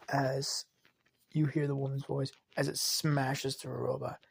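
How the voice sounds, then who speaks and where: A man's voice: medium pitch, little pitch movement, unhurried, creaky, husky. A man narrating a made-up story in a rambling, half-whispered way.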